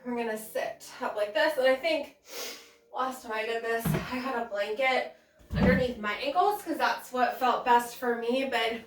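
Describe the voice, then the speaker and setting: A woman's voice: on the high side, normal speed. A woman leading a casual yoga session, out of breath, sighing between chatty remarks. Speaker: yoga instructor. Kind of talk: casual yoga class talk. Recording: echoey room, mic at a distance, soft music.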